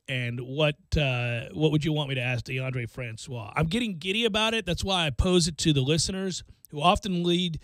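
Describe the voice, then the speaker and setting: Brief: male talk radio host, fairly high pitch, dry close studio sound, animated talker who leans on emphasis. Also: no echo. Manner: animated, emphatic, rocks away from the mic. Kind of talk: casual sports talk radio banter. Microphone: studio microphone.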